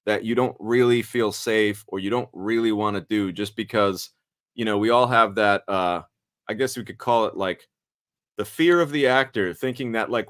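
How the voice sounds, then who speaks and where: A middle-aged man hosts in relaxed chat and tells his story with profane, animated energy. His voice sits at an ordinary pitch and sounds close and dry, with no room around it. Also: no echo. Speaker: podcast host and actor.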